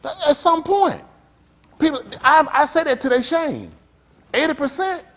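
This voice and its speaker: A man preaching a sermon as pastor, telling stories with loud outbursts. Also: extremely high pitch, unhurried. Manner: animated preaching with storytelling, loud outbursts and laughs.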